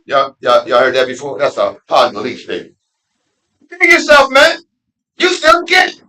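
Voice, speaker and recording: A middle-aged man, an imam giving a conversational Friday sermon with street slang, dropping to low asides and rising to loud emphatic peaks. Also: low-quality recording. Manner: street slang and laughter mixed into preaching. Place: mosque.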